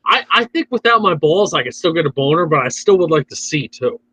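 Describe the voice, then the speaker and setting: A man's voice: on the high side, very animated, a little fast, pushed and bright, slightly rough, no room sound, low-quality recording. A man in a casual chat, throwing in jokes. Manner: jokey interjections.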